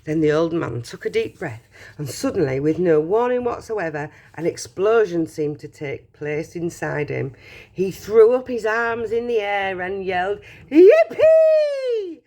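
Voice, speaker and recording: A woman reading a children's book aloud with expressive, dramatic storytelling. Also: on the low side, a little slow. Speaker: reader.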